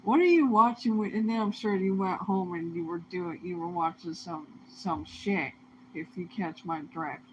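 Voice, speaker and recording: A woman ranting in a heated, profane monologue, swinging between low muttering and loud outbursts. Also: moderate pace. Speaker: vlogger. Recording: dull lo-fi sound with faint noise.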